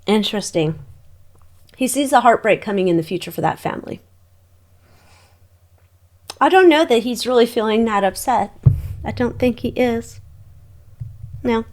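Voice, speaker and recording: A woman giving a casual psychic tarot reading, chatty and exclamatory, talking to her cards as she turns them. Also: medium pitch. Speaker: tarot reader.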